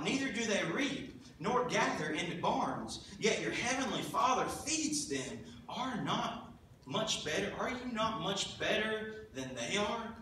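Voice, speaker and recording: Animated preacher in an echoing church. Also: male voice, high voice, a little hiss or hum. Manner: animated storytelling, acting out voices. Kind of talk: sermon. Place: church sanctuary. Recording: echoey hall, mic at a distance.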